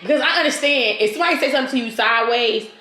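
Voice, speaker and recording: A woman's voice: on the high side, very fast, echoey room. A woman from St. Louis with a St. Louis accent, co-hosting a casual podcast chat and telling stories with lots of laughter and acted-out quotes. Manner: animated storytelling, laughing, acting out quotes. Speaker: podcast co-host.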